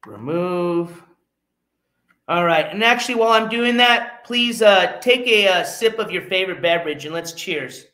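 A man's voice: high voice, animated, normal speed, pushed and bright, reverberant, rough recording. A man hosting a livestream, mocking a rival and thanking viewers for donations while he loads clips. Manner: mocking, then mutters while fiddling with files. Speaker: livestream host. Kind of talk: livestream commentary.

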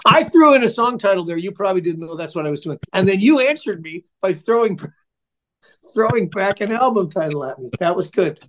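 Older male musician guest, high-pitched, loves to ramble through anecdotes. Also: lively intonation, a little fast, a bit bright. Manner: chatty, rambling storyteller. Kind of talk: casual interview storytelling.

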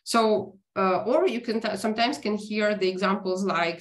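A woman whose first language is Ukrainian, from Ukraine, giving an online lecture in a halting way with many fillers and self-corrections. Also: mid-range voice. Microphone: video call.

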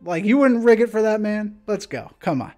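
A man's voice: sits high, lively intonation, normal speed, dark tone, soft background music. Laid-back rambling man hosting a stream. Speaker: stream host. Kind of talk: casual livestream chat.

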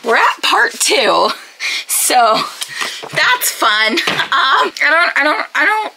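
A woman's voice: high voice, big pitch swings, slow pace, creaky, background noise. A young woman talking casually in a reading vlog, emphatic and gushing, full of "like" and "you know what I mean". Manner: emphatic, gushing and exasperated, filler-heavy. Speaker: book vlogger.

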